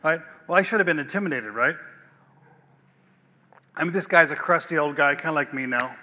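High, bright-voiced older male preacher. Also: a little fast. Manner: conversational preaching, repeats words and checks in with "right?". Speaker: pastor. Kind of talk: sermon. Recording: long hall reverb.

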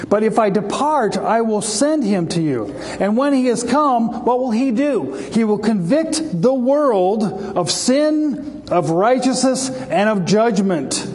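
Passionate high-voiced male preacher in a reverberant hall. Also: expressive, slow pace, darkish tone. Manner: passionate, rises for scripture quotes, some restarts. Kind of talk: sermon. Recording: long reverb, faint background noise.

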